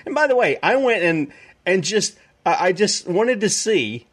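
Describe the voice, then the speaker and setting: Chatty radio host. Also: male voice, a little high, unhurried. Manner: chatty, rambling, laughs easily. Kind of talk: casual show announcements.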